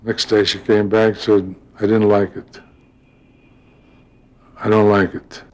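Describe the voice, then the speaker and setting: An older actor telling stories from his career in an interview, lively and acting out the voices of people he quotes. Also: lowish voice, measured pace. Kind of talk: storytelling interview.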